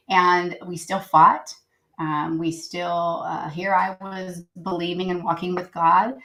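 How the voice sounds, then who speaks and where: A woman's voice: lowish voice, fairly bright tone, rough recording. A woman guest on a podcast, telling a personal story earnestly and reflectively, with many fillers. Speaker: guest, writer and editor.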